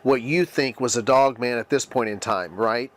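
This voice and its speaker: Podcast host asking short questions. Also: male voice, mid-range voice, normal speed. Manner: short prompts and recaps. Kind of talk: interviewing.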